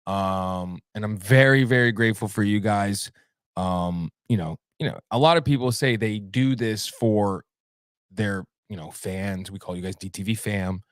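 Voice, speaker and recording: A man's voice: on the low side, a little slow, dry recording, studio quality. A man hosting a live show alone, chatting casually and reading out viewer comments in a rambling, friendly way. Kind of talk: casual livestream chat.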